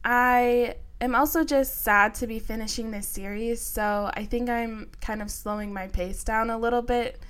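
A young woman hosting a podcast, chatting casually with lots of fillers and excited, emotional gratitude. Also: a little high, normal speed, hardly any pauses, smooth. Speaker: podcast host. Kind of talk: casual chat.

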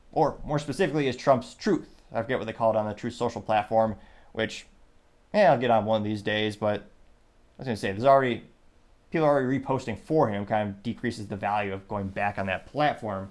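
A man's voice: mid-range voice, a little mellow. A man from the United States hosting a solo political commentary podcast, rambling and breaking off mid-sentence while reading listener comments aloud. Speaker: podcast host.

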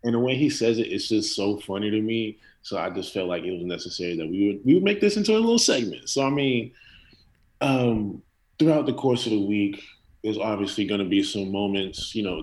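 A man's voice: on the low side, darkish tone, low-quality recording. A man guesting on a casual sports podcast, talking in a loose, slangy, rambling way.

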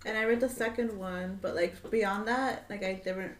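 A young woman in casual chat, making relaxed, chuckling asides. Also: medium pitch, normal speed, slight background noise. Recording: distant mic in echoey room.

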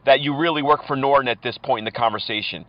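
A man's voice: mid-range voice, quick pace, no echo. A man prank-calling scammers, taunting and insulting them in a mocking tone. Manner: mocking, insulting, laughs at his targets. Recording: muffled lo-fi audio.

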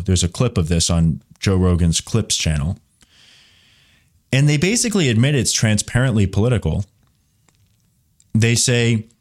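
The host of a live commentary show, a man, speaks in a lowish, somewhat mellow voice. His talk wanders, full of fillers, as he picks viewer questions out of the chat.

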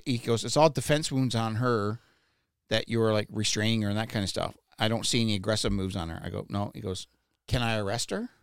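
A man's voice: fairly low pitch, a little fast, clean tone, dry recording, studio quality. A man casually telling a personal story, blunt and profane, stammering and repeating words when worked up.

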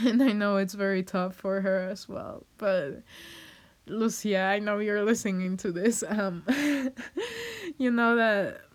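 In a heartfelt personal monologue, a young vlogger addresses her viewers emotionally and hesitantly, filling her speech with fillers and frequent nervous laughter. Her medium-pitched voice is animated and moves at a slow pace.

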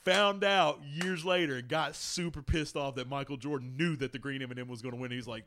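A man co-hosting a casual sports podcast, swearing freely and telling stories with lively quoted voices. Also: mid-range voice, brisk, few pauses. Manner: profane, animated storytelling. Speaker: podcast co-host.

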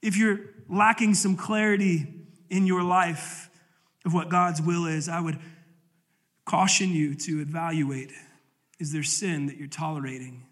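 A male pastor delivers an earnest, emphatic sermon to a church congregation. His voice sits high for a man and rings bright. He reads scripture and presses his points with conviction. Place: church service.

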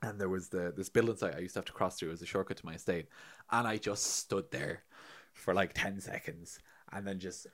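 An Irish man with a deep, slightly fast voice co-hosts a casual podcast. He tells stories animatedly, swearing, laughing and acting out voices.

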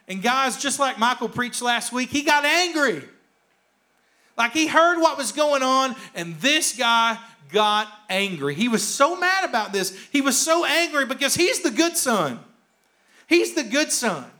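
A male pastor preaching with a very high, bright voice. He tells the story with repeated lines and acts out the quotes himself. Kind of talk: sermon.

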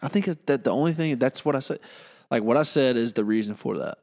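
A man's voice: medium pitch, fast, vocal fry, in a large hall. A man co-hosting a podcast in casual chat, playful and often unsure of himself. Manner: playful, unsure, lively intonation. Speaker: podcast co-host.

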